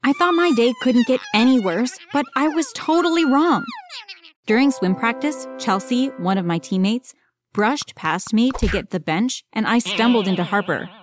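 A woman reading a first-person story aloud as a storyteller, in an expressive, dramatic way. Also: a little high, moderate pace, faint music behind. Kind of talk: scripted first-person narration.

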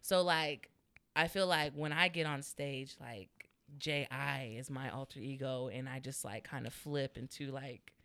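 A woman's voice: very deep voice, steady tone, measured pace, a bit bright, dry recording. A young woman in her twenties, a stand-up comedian, telling a story in a casual interview, laughing often and saying "like" a lot. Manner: laughs often, lots of "like" fillers.

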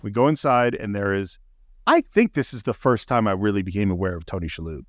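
A man's voice: lowish voice, lively intonation, brisk, no echo, clean studio sound. A man co-hosting a casual podcast, retelling film scenes with enthusiasm. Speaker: podcast co-host.

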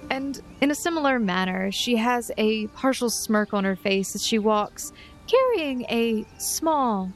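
A woman narrating a tabletop role-playing game as game master, descriptive and unhurried. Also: mid-range voice. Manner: descriptive, unhurried, with soft laughs.

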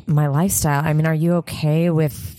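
A woman performing an improv comedy scene, talking in a brisk, bossy way and laughing often. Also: deep voice, flat delivery, mellow, a little hiss or hum.

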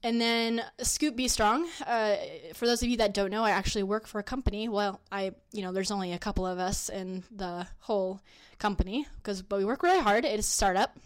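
A woman hosting her own podcast, chatting casually with lots of fillers and restarts as she pitches products in an upbeat way. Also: fairly quick, hardly any pauses, clean tone. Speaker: podcast host. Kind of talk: casual solo podcast talk.

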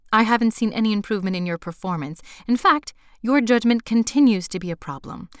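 A woman's voice: no echo, studio quality, lightly acted. A woman voicing a hostile middle-aged woman school head who scolds relentlessly. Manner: stern, escalating to shrill scolding.

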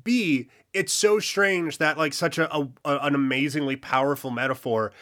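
Man, boston accent with a bit of texas, bright forward voice, laid-back, chuckling, podcast co-host. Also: fairly high pitch, normal speed. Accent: Boston with a touch of Texas. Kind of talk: casual chat, reading history notes.

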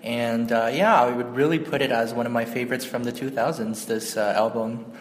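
A man with a mid-range voice co-hosts a casual music podcast, relaxed and halting, filling gaps with fillers. The sound is roomy, with a lingering reverb. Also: mid-range voice. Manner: laid-back, hesitant, many fillers. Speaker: podcast producer and co-host.

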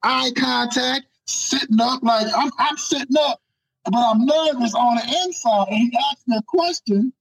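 New guy, real husky breathy voice, pretty high, dry close sound, animated storyteller and spoken word poet. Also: unhurried, no echo, rough recording. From New Orleans, USA. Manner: animated, laughs while telling stories. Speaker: guest poet.

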